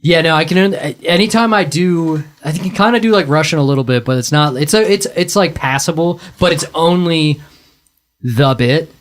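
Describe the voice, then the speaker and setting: A man hosting a casual podcast chat, asking questions and laughing through quick asides. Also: fairly high pitch. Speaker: podcast host.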